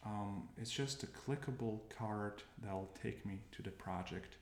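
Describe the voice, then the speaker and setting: A developer casually narrates his coding session for a screencast, demoing his workflow by thinking aloud, stopping often and correcting himself. His voice is on the low side, unhurried, with vocal fry. The room sounds roomy with noticeable background noise, keyboard typing and mouse clicks.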